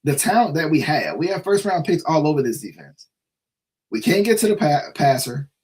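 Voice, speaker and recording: A man with a slightly high voice hosts a casual sports live stream. He vents his frustration, circles back to the same points and keeps asking "right?" as he talks straight to his viewers. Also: big pitch swings, moderate pace, darkish tone. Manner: frustrated, repetitive, full of restarts and "right?". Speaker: sports show host.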